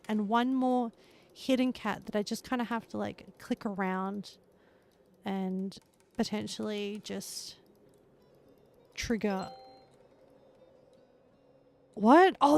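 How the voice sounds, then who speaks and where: A woman's voice: a little high, creaky, no room sound. A woman streaming live, chatting casually with her viewers and laughing often as she plays.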